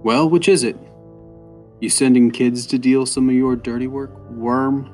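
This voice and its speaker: A man voicing a hostile male tavern brawler who sneers and shouts threats in a fantasy story. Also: fairly low pitch, steady tone, measured pace, faint music behind. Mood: sneering.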